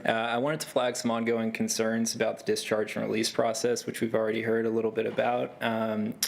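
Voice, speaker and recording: A young man in his twenties, a law student, giving a measured, formal public comment. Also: lowish voice, monotone, creaky. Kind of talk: public comment at a board meeting.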